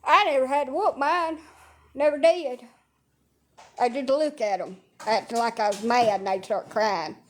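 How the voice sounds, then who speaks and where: Lying in bed at home, this woman livestreams in a loose, rambling way, cursing often with a blunt, sarcastic edge. She speaks at a measured pace in a fairly high pitch.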